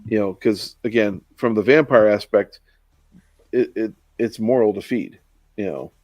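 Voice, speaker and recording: A man's voice: fairly low pitch, measured pace, a little mellow, no room sound. A man in casual book-discussion chat, recapping the plot with fillers and quoted dialogue.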